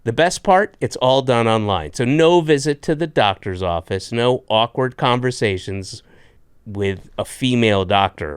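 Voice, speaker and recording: Middle-aged male podcast host, smooth, clear voice, animated and jokey, dry close mic. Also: mid-range voice, measured pace, no room sound. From Atlanta. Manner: jokey, playful ad reads with sudden voice jumps. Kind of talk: ad read and casual interview chat.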